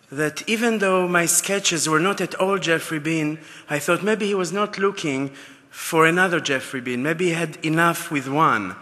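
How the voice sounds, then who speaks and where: A man's voice: on the high side, bright, forceful tone. A man giving an acceptance speech at a gala, telling heartfelt stories. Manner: heartfelt, anecdotal storytelling. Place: large gala ballroom. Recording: long hall reverb.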